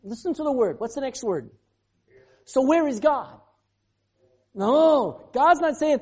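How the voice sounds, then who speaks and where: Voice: mid-range voice, big pitch swings, measured pace, long pauses, darkish tone, slightly rough. A pastor preaching a sermon, asking the congregation rhetorical questions and acting out quoted speech.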